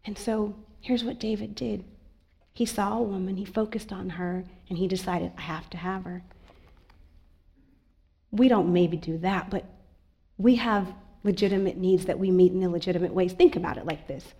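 A woman pastor giving a sermon in a church, earnest and confiding, moving between soft asides and emphatic lines. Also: mid-range voice, fairly even intonation, normal speed, vocal fry.

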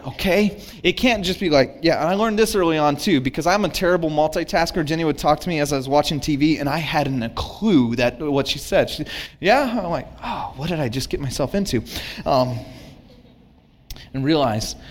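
A middle-aged man preaching a sermon, telling stories and acting out both sides of an argument. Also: fairly high pitch. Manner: animated storytelling, acts out both sides of arguments. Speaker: pastor.

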